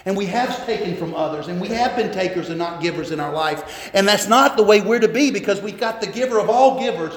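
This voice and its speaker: A man's voice: sits high, a little fast, few pauses. A man in his twenties or thirties preaching a sermon as pastor, impassioned and voicing biblical figures in quotes. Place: church sanctuary. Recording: echoey church hall.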